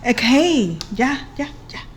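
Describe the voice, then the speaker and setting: A woman's voice: high voice, very animated, takes it slowly, a little hiss or hum, low-quality recording. A woman giving a casual tarot reading, playful and chatty, laughing often and singing along to songs between her remarks. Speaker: tarot reader.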